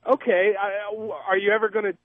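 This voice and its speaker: A man's voice: high voice, flat delivery, quick pace, no room sound. A man calling a radio show to ask a question, polite and a little hesitant. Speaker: caller. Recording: phone line.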